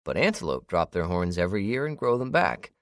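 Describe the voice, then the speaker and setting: A man reading an audiobook, voicing a calm, patient hunter who explains things at length. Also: sits low, a little fast, no echo, clean studio sound, voice pushed up. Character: grown man, a hunter and guide, calm and steady.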